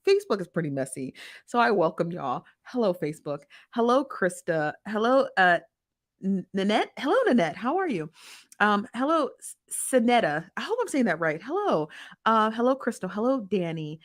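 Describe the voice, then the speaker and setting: A woman's voice: medium pitch, sing-song, moderate pace. A woman hosting a casual livestream, chatty and blunt, with lots of slang, greeting her viewers one by one. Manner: frank and blunt, uses slang. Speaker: livestream host.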